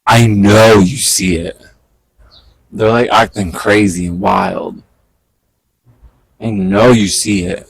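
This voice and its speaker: A man chatting casually into a handheld camera outdoors in a park, excitable and quick with asides, talking to the birds around him. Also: fairly low pitch, creaky, husky, dry recording, low-quality recording. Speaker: vlogger. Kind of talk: casual outdoor vlog chat.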